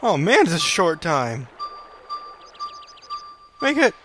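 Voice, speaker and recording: A young man narrating his own game playthrough with goofy, joking asides. His voice is fairly high and very lively, and game music plays clearly underneath him. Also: takes it slowly. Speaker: let's play host. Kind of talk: casual game commentary.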